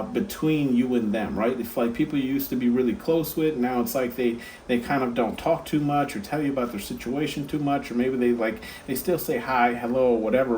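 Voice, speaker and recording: A man's voice: mid-range voice, slight background noise. A man giving a casual pick-a-card tarot reading, rambling and chatty with lots of fillers and asides.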